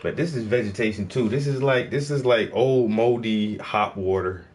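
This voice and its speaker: A man's voice: on the low side, moderate pace, a little mellow. A man chatting casually on a livestream, laid-back and full of slang while he paints. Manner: laid-back slangy talk, lots of "bro" and "yo".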